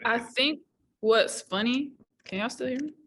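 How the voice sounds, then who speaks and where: A woman's voice: on the high side, unhurried, fairly bright tone. A woman co-hosting a casual discussion over a video call, thoughtful and storytelling, with trailing fillers. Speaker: podcast co-host.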